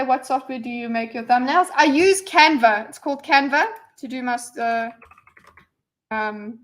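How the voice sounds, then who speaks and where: A woman hosting a casual livestream, rambling and reading viewers' messages aloud with lots of fillers and restarts. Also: a little high. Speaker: livestream host.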